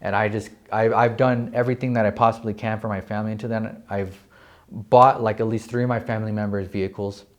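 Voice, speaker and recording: A young man from New Mexico, a real estate agent, telling his story in a casual interview, excited and profane, filling his talk with "like". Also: lowish voice, fast. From New Mexico, USA. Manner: excited, profane, heavy use of "like".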